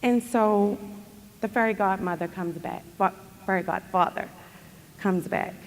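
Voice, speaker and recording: A woman telling an animated story as a motivational speaker at a company event. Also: medium pitch, measured pace. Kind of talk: storytelling speech. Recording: long hall reverb.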